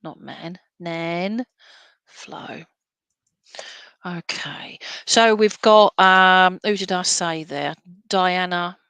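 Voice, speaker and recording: A woman's voice: lowish voice, drawn-out words, pauses often, a bit bright, smooth, no echo. A woman working as a spiritualist medium, giving a rambling, chatty clairvoyance reading over a video call and checking in with the sitter as she goes. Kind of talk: clairvoyance reading in an online service.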